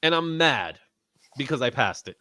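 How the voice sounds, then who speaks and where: A man hosting a casual livestream chat about comics, animated and often laughing. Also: medium pitch, normal speed, no room sound. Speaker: host.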